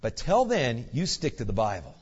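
A man's voice: medium pitch, wildly swooping pitch, normal speed, slightly rough, voice pushed down. A man voicing a blunt, no-nonsense older pastor who was a Marine drill sergeant, curt and barking. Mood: firm. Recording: dull echoey church hall recording.

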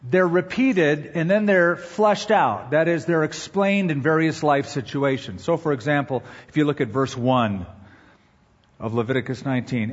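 A man delivers a sermon in a measured, deliberate way, slowing down to weigh each word when he reads the verses. His voice sits a little high and has a husky edge. The recording is dull and lo-fi, with a long reverb trailing off the walls of a large hall. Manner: measured preaching, reads scripture slowly with emphasis. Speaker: pastor.

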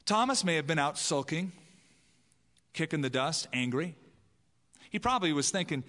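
A man preaches in a relaxed, conversational way, slipping into the voices of the people he quotes. His voice sits fairly high for a man. The sound carries the long reverb of a large church hall. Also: normal speed. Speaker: pastor. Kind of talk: sermon.

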